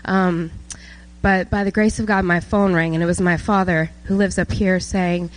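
A woman's voice: on the low side, steady tone, moderate pace, poor audio. Earnest nineteen-year-old woman giving testimony. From South Georgia, USA. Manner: earnest, emotional, many fillers. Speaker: testimony speaker at a church service. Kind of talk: personal testimony. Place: church.

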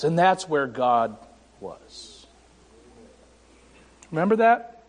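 Pastor, male, high and unhurried; wry, self-mocking sermon delivery with pauses, long church reverb. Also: lively intonation. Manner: slow and deliberate, with dramatic pauses; wry, self-deprecating humor. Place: church sanctuary. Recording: echoey sanctuary reverb.

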